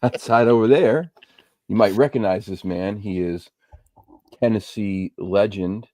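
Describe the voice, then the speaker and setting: A man's voice: on the low side, measured pace, warm tone, no room sound. A man hosting a live podcast stream, chatting casually and rambling with lots of fillers. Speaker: podcast host.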